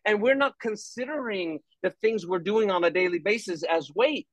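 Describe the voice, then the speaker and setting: A man talking about faith in a lively, preacherly way, quoting scripture and acting out other people's voices. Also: high-pitched, normal speed, dry recording, low-quality recording. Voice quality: animated, preacherly, acts out voices. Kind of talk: faith-based conversation.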